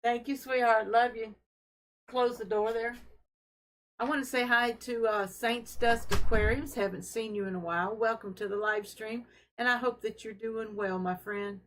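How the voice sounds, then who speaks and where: A woman hosting a casual fish-keeping live stream from her home fish room, talking in an unhurried, friendly way with fillers as she carries her camera from tank to tank. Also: fairly high pitch, steady tone, a little hiss or hum, low-quality recording. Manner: unhurried, friendly, talks while showing tanks, with fillers. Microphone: handheld camera she carries around.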